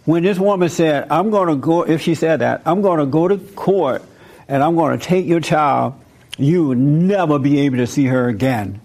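Casual, lively man preaching. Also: on the high side, moderate pace. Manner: casual, acts out biblical figures in lively voices. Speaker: preacher teaching a group. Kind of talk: informal sermon.

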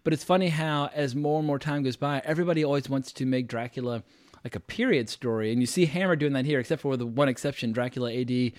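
A man's voice: medium pitch, quick pace, a little mellow, no echo, studio quality. A man hosting a podcast, talking in a chatty, enthusiastic way with loose fillers. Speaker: podcast host. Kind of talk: casual podcast conversation.

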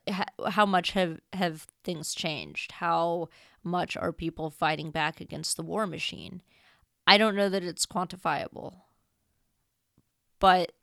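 A woman's voice: lowish voice, gravelly, a bit bright, smooth, dry recording, clean studio sound. A woman hosting a podcast in a casual, gushing and heartfelt monologue, with a tearful edge. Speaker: podcast host.

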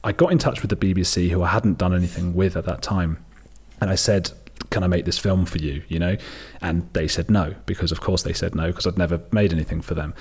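A British documentary filmmaker talks casually in an interview, telling rambling stories and mimicking the people he quotes. His voice sits low with fairly even intonation, a slightly fast pace and a breathy edge, captured on a close desk microphone.

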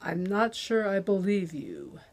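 A woman's voice: medium pitch, huge pitch swings, a little mellow. Woman voicing a cold, commanding male interrogator. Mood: cold menace. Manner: measured, commanding, menacing.

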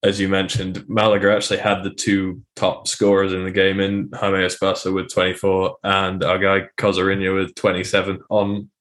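Male podcast co-host, low monotone, thoughtful and hesitant. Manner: measured, analytical, hesitant fillers. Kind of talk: casual sports chat.

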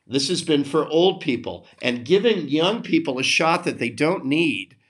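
A man's voice: on the high side, animated, unhurried, a bit bright. An American man hosting a podcast, delivering an emphatic, sarcastic opinion monologue with open indignation. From United States. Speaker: podcast host.

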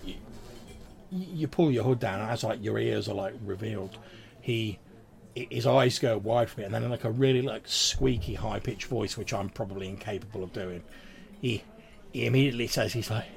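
A man's voice: lowish voice, normal speed, creaky. A man narrating as game master of a tabletop game in a casual, rambling way with many fillers.

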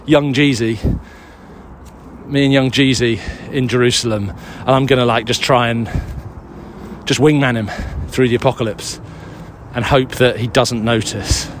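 Walking a dog in the woods, a breathless man casually fields listener questions, wandering off topic, swearing, and teasing himself. His mid-range voice stays fairly even and unhurried, with a little hiss or hum on the audio.

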